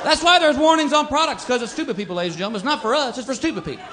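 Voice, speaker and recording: A Texan man does stand-up before a live crowd, drawling through stories and acting out dumb characters, with laughter and noise from the audience. His voice is extremely high, expressive, and racing.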